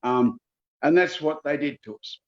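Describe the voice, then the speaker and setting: A man in his seventies with a Queensland Australian accent, answering interview questions in a folksy, emphatic way and repeating figures slowly for effect. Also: on the high side, highs cut off. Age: 70s. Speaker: politician guest.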